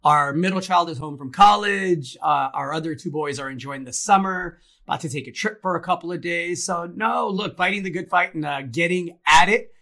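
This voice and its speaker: A man in his forties co-hosting a podcast, talking in a lively, friendly way with quick asides. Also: a little high. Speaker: podcast co-host. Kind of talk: casual market chat.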